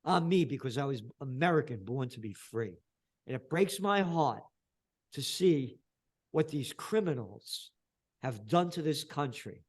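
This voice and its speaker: A man's voice: expressive, measured pace. Fiery older New man ranting. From the Bronx, New York. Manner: fiery, ranting, swings from low to shouting. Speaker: interview guest, trend forecaster. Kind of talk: impassioned interview talk.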